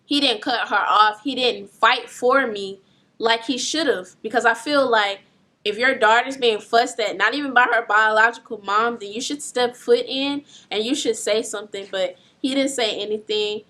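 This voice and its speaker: A young woman recounting a painful family story in a personal vlog, speaking softly and in a subdued way. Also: on the high side, moderate pace.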